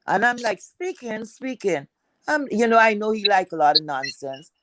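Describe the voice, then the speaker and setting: Deep-voiced woman telling a rambling story. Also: animated, a little fast, fairly bright tone, no room sound, rough recording. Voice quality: deep, heavy voice with bass. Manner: rambling, chatty storytelling with many fillers. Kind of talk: casual personal storytelling.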